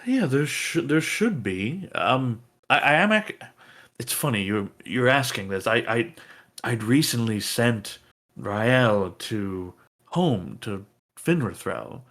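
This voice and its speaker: In a full character voice of medium pitch, lively intonation, and fairly bright tone, a man slowly voices a former mage's apprentice. He sounds evasive and hesitant, rambling and leaning on "I mean" again and again.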